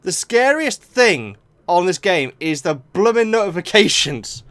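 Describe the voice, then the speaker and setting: Lively man commenting on gameplay. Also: high voice, measured pace, dry recording. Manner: excitable, talks to himself and the game. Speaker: gaming video host. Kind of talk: let's play commentary.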